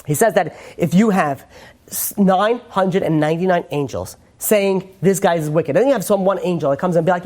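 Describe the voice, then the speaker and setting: A man giving a Torah class as a rabbi, quoting Hebrew verses and translating them, with joking asides to his listeners. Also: sits high. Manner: animated, joking asides, quick Hebrew quotes then translating.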